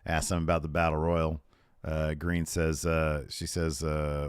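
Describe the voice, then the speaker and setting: A man with a very low voice talks through last night's wrestling show in a loose, chatty podcast way. He retells backstage scenes by quoting each wrestler and laughs easily. The sound is dry and close, with no room around it. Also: completely flat delivery, a little slow, clean tone, no echo. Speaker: podcast co-host. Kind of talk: casual recap of a wrestling show.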